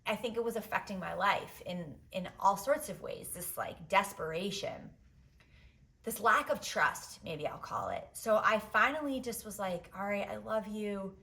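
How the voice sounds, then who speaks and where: A woman's voice: mid-range voice, expressive, unhurried, gravelly, sharp tone. A woman podcast host telling a candid personal story, emotional and profane, with many "like"s. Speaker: podcast host giving advice.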